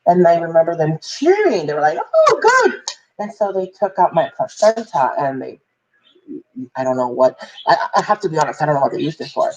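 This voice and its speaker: A woman's voice: deep voice, big pitch swings, fairly quick, a little mellow, muffled recording. A woman vlogger telling a personal story in a candid, rambling way, full of fillers and restarts.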